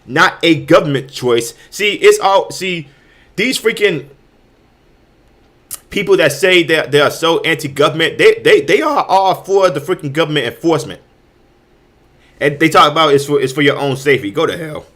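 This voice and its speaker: A man hosting a show launches into heated, ranting commentary packed with restarts, stammering, repeated words and frequent swearing. His fairly bright voice is on the high side, at normal speed with long pauses.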